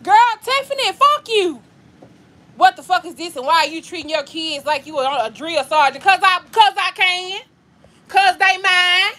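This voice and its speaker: High-pitched, bright-voiced foul-mouthed woman vlogger. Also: lively intonation, normal speed. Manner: blunt, profane, scolding. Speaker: vlogger hosting a livestream. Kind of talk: casual livestream rant. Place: at home.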